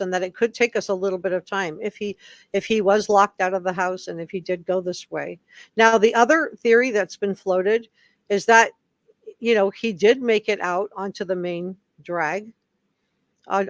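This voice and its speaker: A woman's voice: medium pitch, dry recording, clean studio sound. A woman hosting a casual live stream, chatting with viewers and reading their comments aloud.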